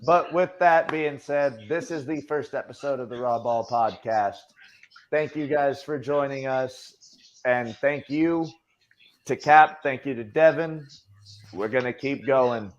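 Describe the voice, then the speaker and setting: A man hosting a relaxed podcast with his friends, voice at a middle pitch. He is easygoing and trips over the start of his sentences. The audio sounds a bit dull and muffled. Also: a little slow. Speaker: podcast host. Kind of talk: casual chat.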